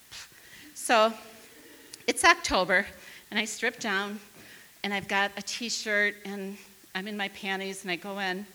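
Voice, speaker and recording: A woman from northern Wisconsin tells an audience a funny personal story in a lively way, acting out the voices of the people in it. Her voice is fairly high, and the sound has a long reverb tail.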